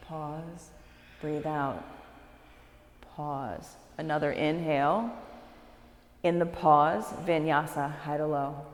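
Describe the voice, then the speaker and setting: Slow, low-voiced woman teaching yoga. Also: a little hiss or hum. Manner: slow, calm cueing with encouraging asides. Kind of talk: live yoga class instruction. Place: yoga studio, large room. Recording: echoey studio recorded live from a distance.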